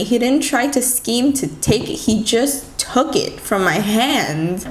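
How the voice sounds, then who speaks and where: A woman telling a personal story in a casual vlog, talking quickly and animatedly with lots of "like" fillers. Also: fairly high pitch. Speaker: vlogger. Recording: echoey room with faint ambient noise.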